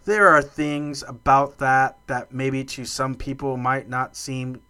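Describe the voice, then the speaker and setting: A man's voice: mid-range voice, fairly even intonation, takes it slowly, sharp tone, smooth. A man co-hosting a podcast, chatting casually and telling rambling stories full of restarts. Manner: rambling storyteller, lots of restarts and fillers. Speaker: podcast co-host. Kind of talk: casual chat.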